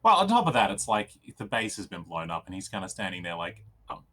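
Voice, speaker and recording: A man's voice: deep voice, very animated, fast talker, sharp tone, a little hiss or hum. A man playing a tabletop game, laid-back and joking about his character. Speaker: player. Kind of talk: casual chat at a tabletop game.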